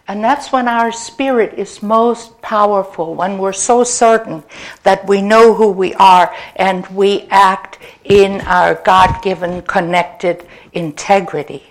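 Slow, gentle woman giving an inspirational talk. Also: medium pitch. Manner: gentle, unhurried, conversational with fillers. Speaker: spiritual speaker.

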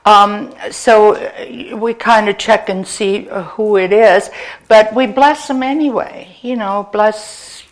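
A woman giving a gentle, conversational inspirational talk to a congregation. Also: medium pitch, steady tone. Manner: gentle, unhurried, conversational with fillers. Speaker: spiritual speaker.

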